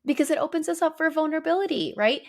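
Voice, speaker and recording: A woman's voice: sits high, animated, quick pace, a little mellow. A woman therapist talking candidly and conversationally on her podcast, with lots of "like" and "right?". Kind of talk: casual podcast monologue.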